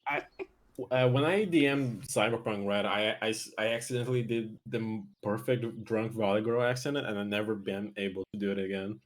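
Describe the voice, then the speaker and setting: A man's voice: on the low side, normal speed. A man chatting casually on a stream, hesitant, with many restarts and some swearing. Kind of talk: casual chat.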